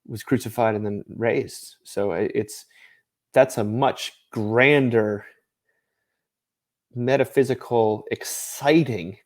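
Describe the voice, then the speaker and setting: Man, author guest, thoughtful explainer, light laughs, mid-pitched voice, conversational interview. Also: takes it slowly, darkish tone. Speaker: author and ministry director, guest.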